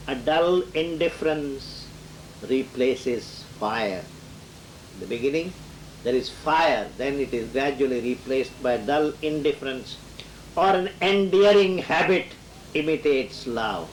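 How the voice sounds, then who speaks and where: A man's voice: mid-range voice, expressive, measured pace, slight background noise, rough recording. A man giving a lecture on poetry who reads verse lines aloud and then explains them, with occasional chuckles.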